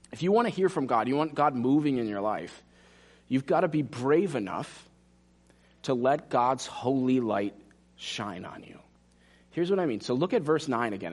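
Animated male preacher. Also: mid-range voice, slightly rough. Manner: animated preaching, dropping to hushed asides. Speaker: pastor. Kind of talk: sermon.

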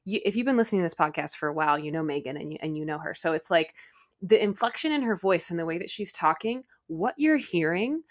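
A young woman co-hosting a casual podcast, talking excitedly about spirituality, with sudden high, loud bursts. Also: fast talker. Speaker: podcast co-host.

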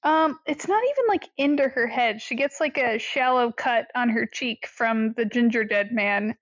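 A woman's voice: fairly high pitch, moderate pace, no echo, dull audio. A woman chatting casually as a podcast co-host, giggly and full of fillers. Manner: giggly, with lots of fillers and playful put-on voices. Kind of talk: casual chat.

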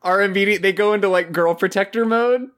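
A man's voice: high-pitched, a little fast, a bit bright. Joking man on a podcast. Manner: jokey, riffing with silly put-on voices. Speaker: podcast co-host. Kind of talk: casual chat about anime.

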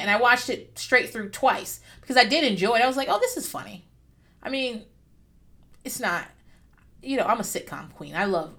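Woman vlogger, higher-pitched, blunt and swearing, chatty TV reaction commentary. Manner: candid and profane, with lively asides.

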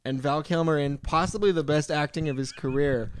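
A man co-hosting a casual podcast, retelling film scenes with lively quoted lines. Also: a little high, brisk, clean tone. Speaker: podcast co-host. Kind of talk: casual chat.

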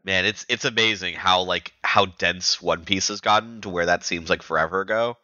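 A man's voice: low-pitched, normal speed, pushed and bright, no room sound, lo-fi sound. A man co-hosting a podcast, casually recapping chapters in a rambling way with lots of fillers and restarts. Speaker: podcast co-host.

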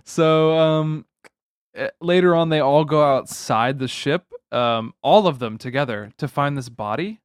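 A man's voice: fairly high pitch, unhurried, clear, resonant tone, dry recording, studio quality. A man co-hosting a podcast, recapping a movie from his notes with frequent chuckles. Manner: chuckling, reads plot notes aloud. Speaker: podcast co-host. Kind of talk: casual movie recap chat.

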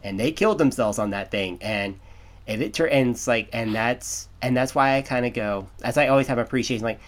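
A man's voice: mid-range voice, fairly quick. An American man co-hosting a podcast, rambling in casual chat full of restarts and fillers. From United States. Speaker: podcast co-host.

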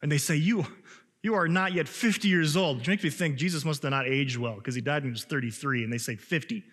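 A male pastor preaching a sermon, reading scripture aloud and stressing key words with a rising voice. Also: fast. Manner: animated, rises in pitch for emphasis, reads scripture aloud. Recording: long hall reverb.

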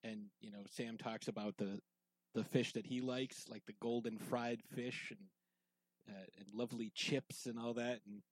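A man co-hosts a casual podcast in a mid-pitched voice, rambling along with plenty of fillers and restarts. He has a whiskey in hand as he talks. The sound is dry and close, with no room echo. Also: steady tone, measured pace. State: drinking whiskey while talking. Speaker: podcast co-host.

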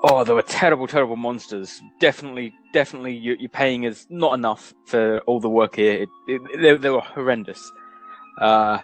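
A man's voice: mid-range voice, a little fast, soft background music. Playful man at a game table. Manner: playful, stumbling repetitions. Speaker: player. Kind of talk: casual tabletop play.

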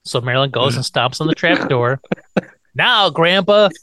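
A man's voice: mid-range voice, a little fast, a bit bright, no echo. A man casually recapping a TV episode, acting out quotes in silly voices. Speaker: podcast host recapping an episode.

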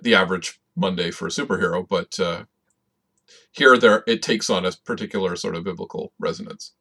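A man co-hosting a podcast, talking in a friendly, casual way and filling his pauses with uh. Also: low voice, vocal fry, pushed and bright. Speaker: podcast co-host.

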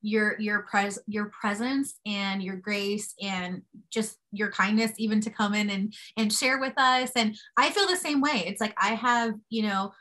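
A woman's voice: medium pitch, measured pace, hardly any pauses, fairly bright tone. A young woman co-hosting a podcast, speaking in an effusive, encouraging way. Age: young adult. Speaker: podcast co-host. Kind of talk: warm interview wrap-up.

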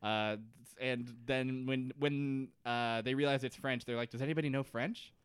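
Podcast co-host, male, animated and jokey, breaks into character lines, smooth voice, dry close mic. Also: medium pitch, normal speed, dry recording. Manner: animated, laughs often, acts out characters' lines. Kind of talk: casual comedic recap chat.

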